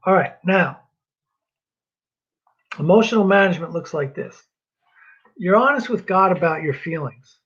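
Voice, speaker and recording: Man from New Jersey, marriage class teacher, raised husky voice, dull lo-fi recording, earnest and rambling. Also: high-pitched, expressive, moderate pace, long pauses, fairly bright tone. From New Jersey, US East Coast. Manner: earnest, repeats himself, self-deprecating asides. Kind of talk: casual teaching talk.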